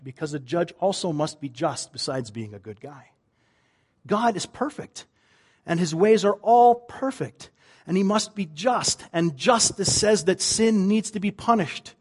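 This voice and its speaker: A man, a pastor, preaching a sermon, moving between loud emphasis and quiet, drawn-out lines. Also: high voice, husky.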